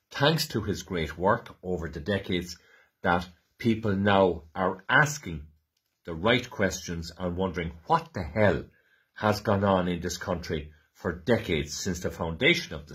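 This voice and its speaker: Irish male host, fervent and emotional commemorative address, low husky voice. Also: fairly bright tone. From Ireland. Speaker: programme host. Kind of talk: impassioned commemorative address and reading aloud.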